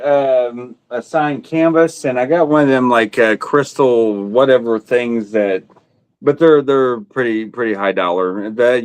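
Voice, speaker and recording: A man's voice: medium pitch, clean tone, no room sound. A man hosting a live stream in casual chat, rambling with many fillers. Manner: rambling, with frequent fillers and restarts.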